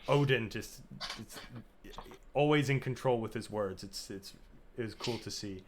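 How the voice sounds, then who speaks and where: A man's voice: mid-range voice, unhurried, a little hiss or hum. Enthusiastic man rambling about a game. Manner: enthusiastic, rambling, lots of fillers. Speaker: podcast co-host. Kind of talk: casual game discussion.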